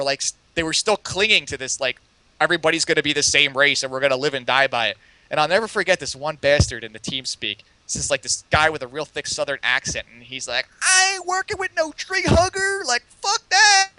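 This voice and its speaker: A man's voice: on the high side, bright, forceful tone, dry recording, poor audio. A young man, a podcast guest, telling a long story in a casual, rambling way that is full of swearing and fillers. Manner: rambling and profane, heavy on fillers like "like" and "you know". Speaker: podcast guest, game community writer.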